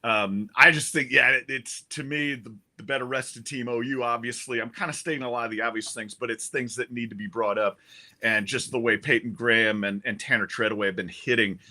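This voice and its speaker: A man gives casual sports analysis with a bright, forward tone. He thinks aloud as he talks, often restarting his sentences before he lands his point. The delivery stays conversational throughout. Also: medium pitch, steady tone, a little fast. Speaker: sports writer and co-host.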